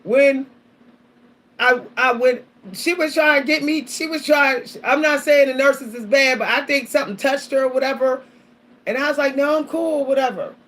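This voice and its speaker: A woman's voice: high-pitched, fairly even intonation, normal speed, fairly bright tone. A woman vlogger talking casually and animatedly to her viewers, often repeating herself, calling out to them and laughing between points. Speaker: spiritual vlogger.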